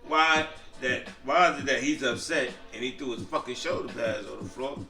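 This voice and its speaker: A man co-hosting a casual chat show, joking and animated, swearing freely. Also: medium pitch, normal speed, roomy sound, distant mic, soft background music.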